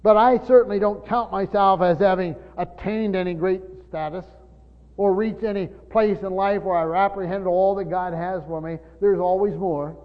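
A man's voice: high-pitched, fairly even intonation, moderate pace. An older man preaching a sermon, teaching earnestly with frequent restarts and repeated words. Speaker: pastor. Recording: dull lo-fi sound with long church reverb.

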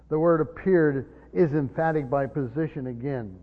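In a hall with long reverb and a dull-sounding recording, a man gives a teacherly Bible sermon at a moderate pace with few pauses. He frequently repeats words while explaining and goes low for scripture passages.

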